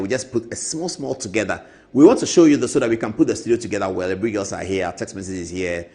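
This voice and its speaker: A man's voice: lowish voice, a little mellow. A man with a Ghanaian English accent hosting an evening TV show in a studio, chatting casually, mimicking other people and laughing often. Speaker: TV show host.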